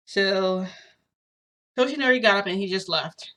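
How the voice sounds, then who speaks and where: A woman's voice: medium pitch, normal speed, fairly bright tone. A woman vlogger telling a long story in a casual, rambling way, full of "like" and "you know".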